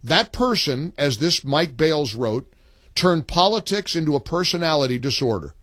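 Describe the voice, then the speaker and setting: A man's voice: a little high, expressive, normal speed, a bit bright, dry recording, studio quality. A man hosting a talk radio show, speaking emphatically and taking calls. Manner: emphatic, reads listener posts aloud with punchy delivery.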